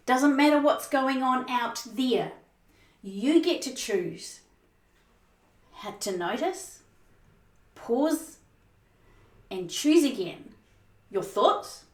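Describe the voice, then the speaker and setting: Expressive woman coaching in a roomy space. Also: a little high. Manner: emphatic, expressive, speeds up and slows down for effect. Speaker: leadership coach. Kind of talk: motivational teaching talk. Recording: roomy sound, mic at a distance.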